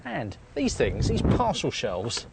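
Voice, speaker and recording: A man's voice: mid-range voice, huge pitch swings, slow pace, gravelly. A man presenting a car review, chatty and enthusiastic with wry asides, recorded inside a car. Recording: audible road and traffic noise behind.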